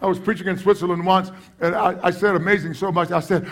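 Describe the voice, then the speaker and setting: Middle-aged pastor, high and impassioned, quiet asides breaking into loud exclamations. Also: male voice, fairly even intonation, fast talker, slight background noise. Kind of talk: sermon.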